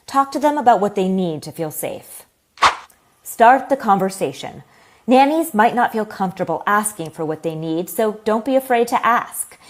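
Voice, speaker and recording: A woman narrating a newspaper explainer video in a scripted, even, advisory tone. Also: medium pitch, moderate pace, a little hiss or hum.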